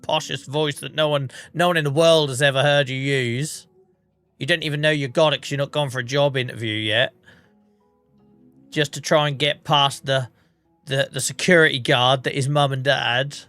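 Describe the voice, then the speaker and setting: In a dry recording, a man in his forties speaks at a medium pitch with a sharp tone and a Norfolk English accent. He's sick and coughing while chatting on a farming-game live-stream, swearing freely and making fun of himself.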